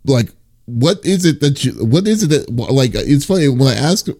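This podcast host, a man with a mid-range, darkish voice and lively intonation, talks at normal speed. He conducts a casual interview, posing long, meandering questions full of restarts.

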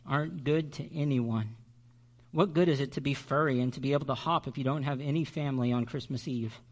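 A man's voice: medium pitch, brisk, natural voice. A man voicing a lonely, tearful little bunny. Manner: plaintive, sniffling. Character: lonely young male bunny, tearful and gentle.

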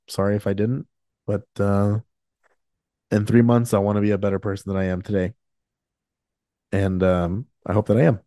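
A man's voice: lowish voice, darkish tone, no echo, studio quality. A man in his late twenties hosting a podcast, talking candidly in a rambling, casual way with many fillers and restarts. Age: 20s. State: emotional, choked up. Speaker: podcast host.

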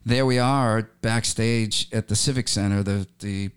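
Smooth, low-voiced man telling stories. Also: a little slow. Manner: animated, with many restarts and fillers. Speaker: musician and interview guest. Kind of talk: storytelling interview talk.

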